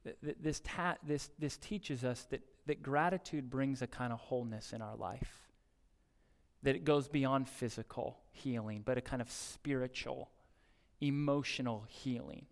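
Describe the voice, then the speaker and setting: A male pastor preaching a sermon in a church service, earnest and exhorting, building to excited emphasis. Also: medium pitch, measured pace, gravelly, long reverb tail. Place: church sanctuary during a service.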